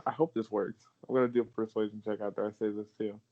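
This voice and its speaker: A man's voice: lowish voice, fairly even intonation, quick pace, dull audio. A man playing a tabletop game in casual, playful, laughing chat. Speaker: player.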